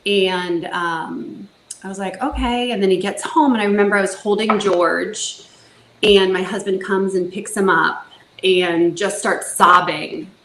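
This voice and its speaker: A woman's voice: medium pitch, steady tone, a little slow, a bit bright, roomy sound, rough recording. A woman in her forties from Northern California, earnestly telling her story as a guest in a casual interview, with many fillers and restarts. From Northern California, USA. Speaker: foster parent guest.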